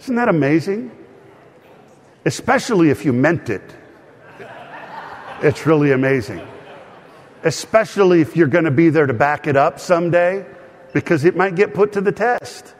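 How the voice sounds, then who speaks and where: A male pastor delivers a sermon in an earnest, conversational way, drawing the congregation into call-and-response. His voice sits a little higher than most men's. A long reverb trails each phrase, as in a church hall. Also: lively intonation, moderate pace, pauses often.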